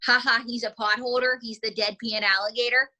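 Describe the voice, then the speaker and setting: A woman's voice: a little high, little pitch movement, fairly quick, sharp tone, low-quality recording. A woman ventriloquist giving chatty, demonstrative instruction in a casual lesson. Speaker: ventriloquism teacher.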